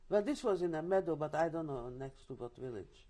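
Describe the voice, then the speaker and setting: Older woman, interview testimony, lively storytelling, dark mellow timbre. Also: low-pitched, a little fast. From Czechoslovakia. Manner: vivid storytelling with restarts and asides. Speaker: interviewee, Holocaust survivor. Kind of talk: oral history testimony.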